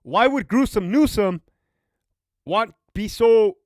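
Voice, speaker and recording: A man's voice: high voice, slow, dry recording, clean studio sound. A man hosting a casual livestream, talking profanely and reading out viewer comments. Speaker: livestream host, former prison officer.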